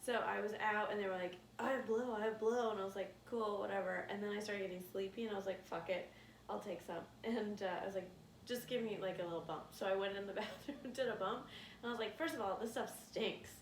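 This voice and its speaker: A woman's voice: mid-range voice, fast, slight background noise. A woman co-hosting a podcast in casual chat, telling stories with lots of laughter and acted-out quotes. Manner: laughs often, animated storytelling with acted quotes. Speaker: podcast co-host. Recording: roomy, slightly distant mic.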